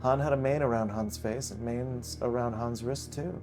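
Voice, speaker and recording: A man voicing a pompous, wistful male character from a visual novel, with a drawn-out, grand delivery. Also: medium pitch, steady tone, over music, lightly acted. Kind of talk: reading a visual novel aloud.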